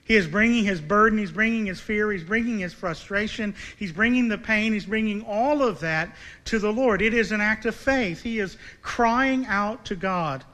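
A man delivers a sermon in a high, bright voice. He preaches earnestly and keeps turning to his listeners with direct, searching questions. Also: moderate pace, hardly any pauses.

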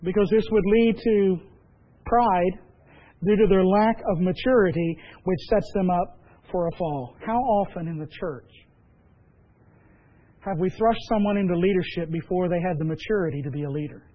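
A man preaching as pastor, emphatic and measured, with repeated phrases. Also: high-pitched, highs cut off. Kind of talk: sermon.

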